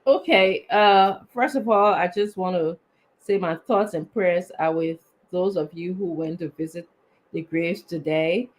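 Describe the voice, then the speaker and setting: A man's voice: high-pitched, a little slow. A man, co-hosting a live show and reading out viewers' names, sometimes stumbling over them. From Liberia. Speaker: co-host.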